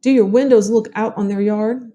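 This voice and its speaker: A woman's voice: medium pitch, steady tone, moderate pace, mellow, dull audio, voice pushed up, close to an everyday voice. A woman with a Southern US accent reading a male inquest questioner's formal, probing questions. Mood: questioning.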